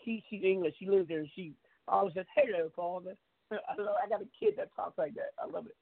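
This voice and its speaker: Middle-aged male call-in radio host, high voice, rambling casual delivery, thin phone-line sound. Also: fast, creaky, no echo. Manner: rambling, repeats words, stammering restarts.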